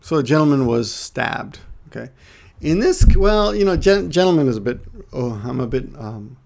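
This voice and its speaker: A man teaching Japanese to English speakers in a casual online lesson, explaining step by step and repeating words slowly. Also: mid-range voice, expressive, gravelly, darkish tone.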